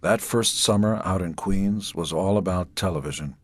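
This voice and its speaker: Middle-aged man from Israel, very low voice, reads his own memoir with deadpan timing, close and dry. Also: normal speed, no echo. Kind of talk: memoir audiobook narration.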